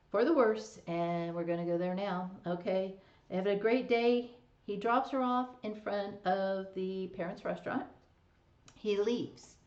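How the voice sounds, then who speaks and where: A woman's voice: medium pitch, darkish tone. A woman hosting a live stream, recapping a drama in casual chat with fillers and laughs. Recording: echoey, dull lo-fi stream audio.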